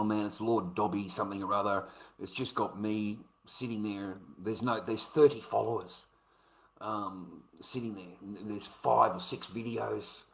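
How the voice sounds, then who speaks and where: A man's voice: on the low side, vocal fry, low-quality recording. Blunt man ranting. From Australia. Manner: blunt and heavily profane, repeats himself for emphasis. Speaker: vlogger. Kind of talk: casual ranting monologue.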